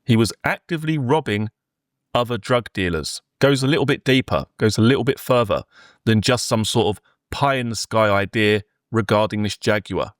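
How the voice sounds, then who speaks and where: A man's voice: lowish voice, moderate pace, dry recording, clean studio sound. Man explaining a true crime case. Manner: conversational, explains step by step. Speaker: true crime channel host.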